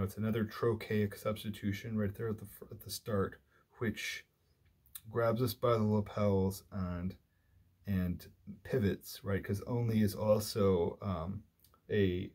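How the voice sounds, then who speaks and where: A man lecturing on poetry in a low, mellow voice with a slightly husky edge. He moves unhurried, filling pauses with ums and restarting phrases, and reads verse aloud between his thoughts. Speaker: literature lecturer.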